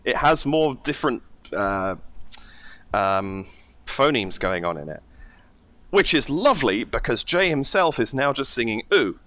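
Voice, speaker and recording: A reaction channel host breaks down vocal technique, casual and enthusiastic, exclaiming as he analyzes the singing. His mid-range voice swings widely in pitch and sounds a bit bright, at normal speed.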